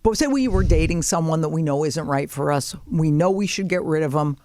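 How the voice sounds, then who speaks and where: A woman's voice: deep voice, a little fast, a little mellow, dry recording, studio quality. A middle-aged woman hosting a podcast, chatting casually in a brash, profane way and laughing often. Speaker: podcast host. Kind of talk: casual comedic chat.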